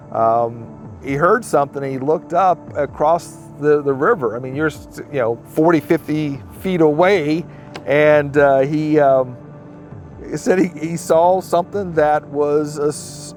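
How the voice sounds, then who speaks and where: Brief: man with a slightly high voice, rambling storyteller, soft music underneath. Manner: rambling retelling with quoted speech. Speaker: interviewee recounting a sighting. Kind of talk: casual storytelling interview.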